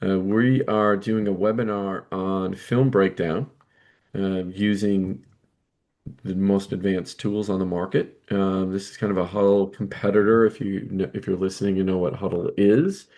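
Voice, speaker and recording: A man co-hosts a coaching podcast in a low voice. He chats casually, dropping "you know" and "right" between his points. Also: level tone, a little slow, a little mellow.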